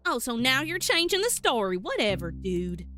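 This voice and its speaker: A woman's voice: a little high, sing-song, sharp tone, soft background music, pitched above the performer's own voice. A woman voicing a snippy young female rabbit with a put-on country twang in a game. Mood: huffy. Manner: snippy, sulky, quick to take offense. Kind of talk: voice acting a game character.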